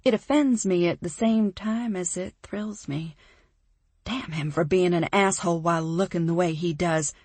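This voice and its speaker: A woman narrating a first-person romance audiobook, expressive and emphatic in the heroine's lines. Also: on the low side, normal speed, breathy edge, no echo.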